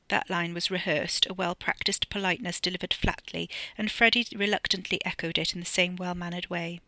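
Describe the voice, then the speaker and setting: An author narrating their own novella with crisp, wry storytelling. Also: mid-range voice, level tone, a little fast, hardly any pauses, bright, forceful tone, dry recording. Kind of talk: audiobook narration.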